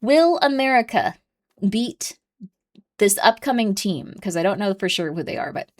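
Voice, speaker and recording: Expressive and darkish in tone, this young woman talks at normal speed, chatting and rambling with her live-stream viewers. Now and then she switches to a high baby voice to coo at her cat.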